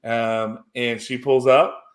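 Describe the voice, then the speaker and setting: A man chatting loosely about a film, wandering through the plot with plenty of ums and false starts. His voice sits at an everyday middle pitch. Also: level tone, slow. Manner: rambling, many fillers and restarts. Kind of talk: casual chat recapping a film.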